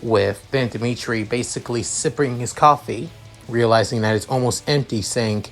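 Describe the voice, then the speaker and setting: A man narrating a fan story off the cuff, halting and restarting as he goes, in a voice that sits mid-range. Soft music plays under him. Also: mid-range voice. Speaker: story reader.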